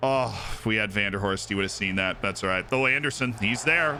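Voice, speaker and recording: A male streamer giving lively, excitable commentary on a football management game as he plays live, shouting at his players on screen. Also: on the low side, brisk, few pauses, background noise.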